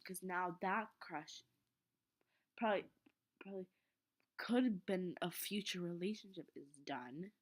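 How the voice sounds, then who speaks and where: A woman's voice: lowish voice, a little slow, pauses often. A teenage girl telling an embarrassing story in a rambling, flustered way, often dropping to a whisper. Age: teens. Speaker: vlogger. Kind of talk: casual storytelling vlog.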